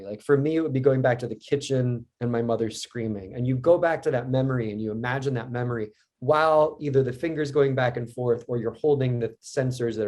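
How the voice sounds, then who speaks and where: A man's voice: medium pitch, darkish tone. A man as a podcast guest, speaking candidly and reflectively in casual conversation.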